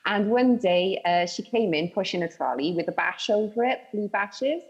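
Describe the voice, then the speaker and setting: A Welsh woman with a husky, slightly breathy voice tells an anecdote on a comedy show. She keeps it understated and giggles between lines. The setting is a TV studio. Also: mid-range voice, expressive, unhurried, dull audio. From Wales. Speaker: audience member. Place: TV studio with a live audience.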